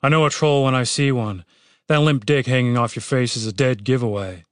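A man's voice: mid-range voice, brisk, no echo, studio quality, lightly acted. A man voicing a brash, foul-mouthed wounded young man in an audiobook. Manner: brash, profane, loud. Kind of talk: audiobook character voice.

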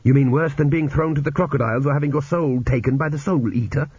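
A man's voice: medium pitch, fast, darkish tone, slightly rough, dry recording. A man reading an audiobook voices a young male rescuer who talks with dry, wry understatement. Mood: sardonic. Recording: dull lo-fi audiobook recording.

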